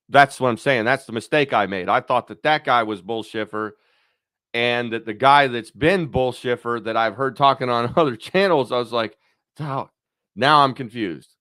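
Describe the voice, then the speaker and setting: A man's voice: medium pitch, fairly bright tone, no room sound, studio quality. A man hosting his own channel, thinking aloud in a rambling, profane, casual chat. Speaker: YouTube channel host.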